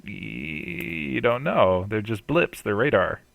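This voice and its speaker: A man with a low, very animated voice runs a tabletop game as game master. He explains the rules at length and breaks into laughter often. The sound is dry and close. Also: slow pace, creaky, no room sound. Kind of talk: running a tabletop game over voice chat.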